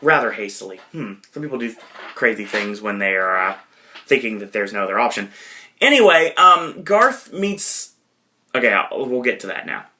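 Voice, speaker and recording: A man's voice: medium pitch, sing-song, moderate pace, pushed and bright, a little hiss or hum. A man hosting a podcast, casually retelling a film scene by scene, rambling with many fillers and correcting himself as he goes. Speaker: podcast host.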